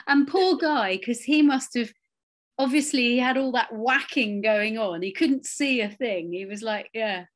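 A middle-aged woman, an actress, telling anecdotes in a relaxed interview, with quiet asides and lively storytelling. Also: fairly high pitch, measured pace.

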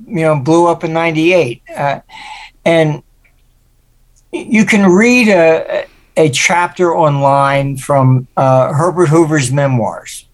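A man's voice: on the high side, slow pace. An older man, a guest forecaster, telling anecdotes in an interview and acting out the voices he quotes. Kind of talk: interview storytelling.

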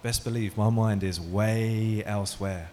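A man speaks a little slowly in a warm, steady, lowish voice, with slight background noise behind him. Before an audience in a hall, he keeps things engaging by asking questions and telling stories.

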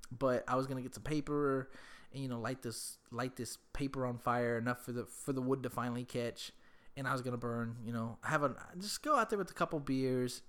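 A young man hosting a casual chat, rambling through a story with lots of swearing and repeated words. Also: medium pitch.

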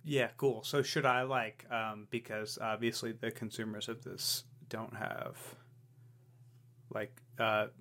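A man's voice: lowish voice, flat delivery, slow pace, a bit bright. A man co-hosting a podcast, chatting casually and rambling, often questioning himself. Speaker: podcast co-host. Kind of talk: casual chat.

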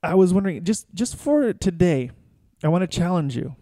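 A man's voice: high voice, very animated, moderate pace, warm tone, no room sound, studio quality. A man hosting a late-night podcast, joking around and laughing easily in casual chat. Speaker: podcast host.

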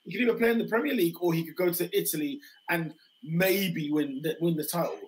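A fairly high-voiced man with a hoarse, worn voice, talking football in a lively, emphatic way. He repeats his points and cuts in often. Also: fast, a little hiss or hum, low-quality recording. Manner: animated, interjecting, emphatic repetitions. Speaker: podcast host. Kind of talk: casual football chat.

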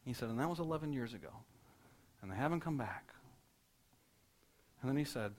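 A male pastor preaching a sermon, telling a story fast and building to emphatic repeated lines. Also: medium pitch, expressive.

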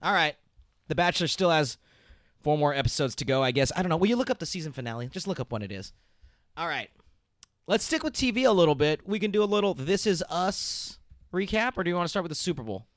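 A man's voice: fairly high pitch, fast, no room sound. Chatty male podcast co-host, dry sound. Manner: chatty, animated recapping with frequent laughs. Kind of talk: casual chat.

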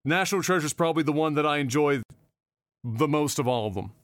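With an animated manner and a quick pace, a chatty podcast host speaks in a voice slightly high for a man. He drifts loosely from topic to topic, cursing casually, and the recording is close and dry without any room sound.

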